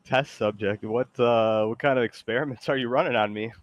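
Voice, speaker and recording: A man's voice: medium pitch, fairly even intonation, brisk, no room sound. A man streaming a game, talking in a laid-back, hesitant, joking way to his AI sidekick. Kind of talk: casual gaming stream chat.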